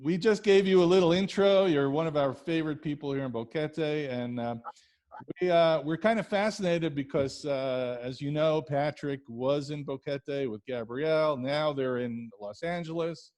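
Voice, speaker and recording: A man co-hosting a podcast, talking casually with lots of pauses and fillers. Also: fairly high pitch, a little mellow. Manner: hesitant, many fillers. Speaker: podcast co-host.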